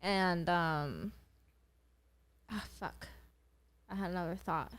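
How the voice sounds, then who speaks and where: A woman's voice: fairly low pitch, takes it slowly, no echo. A young woman co-hosting a podcast, laid-back and laughing often in casual chat. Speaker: podcast co-host.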